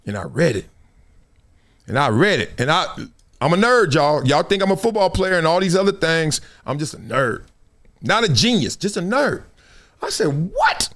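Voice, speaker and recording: Male host, middle-aged, high and lively voice, casual storyteller who acts out the quotes. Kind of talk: casual live-stream talk.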